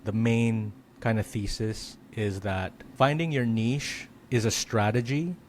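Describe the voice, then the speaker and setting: A man's voice: fairly low pitch, measured pace, a little hiss or hum. A man hosting a podcast, chatting casually and thinking aloud with frequent fillers. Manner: reflective, thinking aloud with many "like"s. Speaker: podcast host. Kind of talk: casual conversation.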